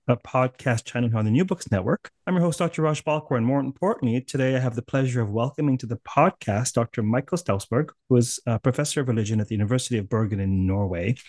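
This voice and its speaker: A man's voice: mid-range voice, darkish tone, dry recording, studio quality. A man with a Canadian accent hosting a podcast interview, talking in a chatty, rambling, friendly way. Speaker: podcast host.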